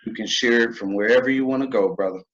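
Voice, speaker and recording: A man's voice: fairly low pitch, quick pace, a bit bright, muffled recording. A man hosting an interview show, speaking in an earnest, conversational way with fillers. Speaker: host. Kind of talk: podcast interview.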